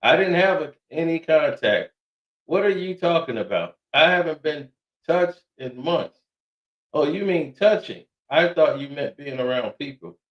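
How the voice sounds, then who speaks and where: A man in casual commentary, reading messages out loud and breaking in with his own remarks. His voice sits a bit high and his pace is slow and unhurried. The recording rings in an echoey room with a dull, lo-fi tone. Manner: reads quotes aloud, laughs often, quick asides.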